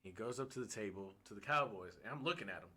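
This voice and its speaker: A man telling a long bar story in casual podcast chat, animated, laughing often and swearing freely. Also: on the low side, fast talker.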